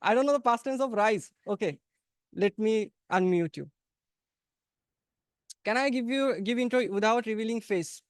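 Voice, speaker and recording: Bangladeshi accent, young man, high-pitched, dry call audio, chatty class host. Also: moderate pace, pauses often, no echo. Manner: encouraging, chatty, playful. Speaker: English conversation practice host. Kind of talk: casual online class talk. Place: home, online webinar. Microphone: video call.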